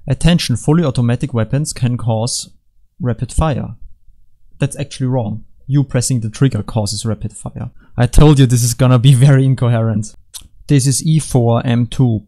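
A man talks over his gameplay in a casual, rambling way, jumping between jokes and half-finished thoughts. His voice is mellow and dark, at an ordinary middle pitch. He mocks himself easily and keeps up a loose, unscripted patter. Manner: rambling, self-mocking, easily distracted jokes. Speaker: gaming commentator.

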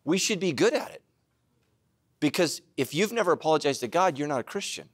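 A middle-aged man preaching a sermon, self-mocking and animated, now and then bursting into shouts. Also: on the high side, brisk, dry recording. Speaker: pastor.

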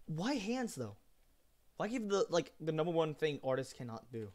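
A man's voice: on the high side, big pitch swings, normal speed, darkish tone. Chatty cursing guy streaming a game. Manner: loose, swears freely, jumps between story and game. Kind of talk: casual chat while gaming.

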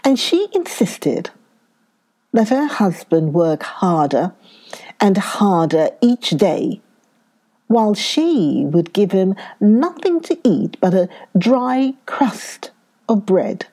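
A woman reading a children's story aloud to young listeners, with expressive, drawn-out narration. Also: mid-range voice.

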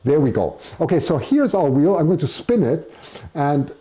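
A man's voice: fairly high pitch, very animated, moderate pace, warm tone. A man hosting a live stream, chatting casually as he announces poll results. He pokes fun at himself and laughs often. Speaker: live show host.

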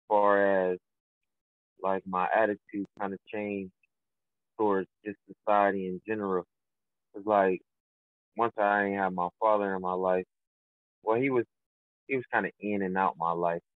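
A young professional boxer, a guest on a casual call-in phone interview, rambles loosely with many fillers and restarts. His voice is fairly low and steady, at a moderate pace with long pauses. The phone line sounds tinny and dry, with no echo.

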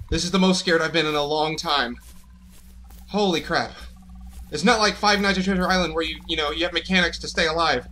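A man narrates a horror game as he plays it, jittery and frightened. He talks to his viewers in nervous, panicky bursts. His voice sits high and sounds bright and edgy. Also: brisk, a little hiss or hum. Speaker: gaming channel host. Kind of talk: horror let's play commentary.

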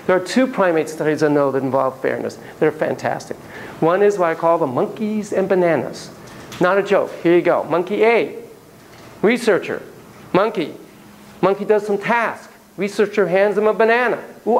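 A man giving a classroom lecture on parenting in an animated, joking way, acting out the examples. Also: high-pitched, rough recording. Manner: animated, jokey, acts out examples. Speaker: psychology lecturer.

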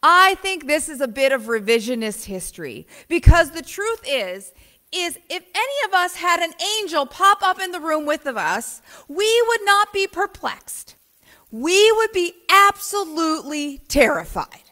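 Bright-voiced woman pastor preaching. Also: very high voice, unhurried. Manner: conversational, animated preaching with emphatic repeats. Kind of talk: sermon. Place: church sanctuary.

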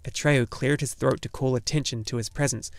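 A man reading a fantasy novel aloud in steady storytelling narration. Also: medium pitch. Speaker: audiobook narrator. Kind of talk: scripted narration.

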